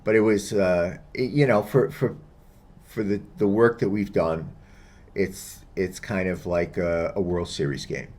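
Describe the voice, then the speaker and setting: A man's voice: low voice, measured pace, a little mellow. A man co-hosting a political podcast in casual chat, dropping wry, joking asides. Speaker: podcast co-host.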